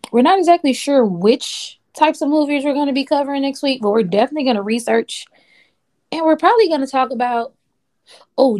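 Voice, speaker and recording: A woman's voice: medium pitch, a little mellow. A young woman, co-hosting a podcast in casual, blunt, profane chat. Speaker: podcast co-host.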